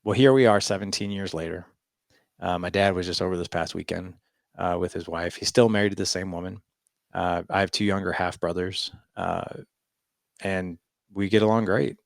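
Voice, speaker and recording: A man in his forties with a low, gravelly voice tells a story as a podcast guest. He acts out the quotes with lively "I was like" asides. The sound is dry and close. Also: moderate pace, dry recording. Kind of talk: storytelling interview.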